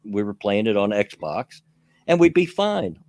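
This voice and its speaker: A man's voice: fairly low pitch, big pitch swings, unhurried, creaky, darkish tone. A man with a Southern US accent hosting a casual chat stream, rambling about games and chuckling often.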